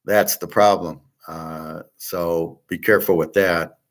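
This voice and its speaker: A man's voice: deep voice, fairly even intonation, slow. Blunt, ranting middle-aged man. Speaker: sports picks and finance show host. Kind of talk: casual monologue.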